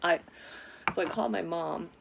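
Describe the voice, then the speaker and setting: A woman with a fairly low voice tells a personal story in a loose, candid way, swearing often and getting animated as she goes. A faint hum of room sound sits behind her. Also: moderate pace, creaky. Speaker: psychic vlogger telling a personal story. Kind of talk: casual storytelling.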